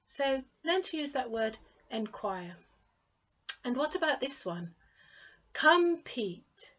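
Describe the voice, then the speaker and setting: A woman with a British accent teaching an English pronunciation lesson. She stretches out each model word clearly and patiently repeats words for the learner to copy. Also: high-pitched, big pitch swings, moderate pace, lo-fi sound.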